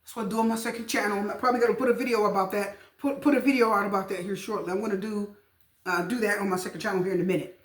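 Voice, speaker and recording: A woman's voice: medium pitch, steady tone, racing, echoey room. A woman giving a casual tarot reading to camera, emphatic and chatty, repeating her points to the viewers. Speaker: tarot reader.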